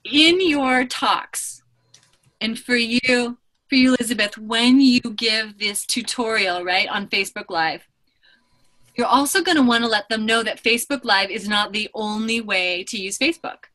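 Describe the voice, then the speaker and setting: Bright, effusive woman coaching on a call. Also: fairly high pitch. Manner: effusive, fast-talking, emphatic. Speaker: business coach hosting a training call.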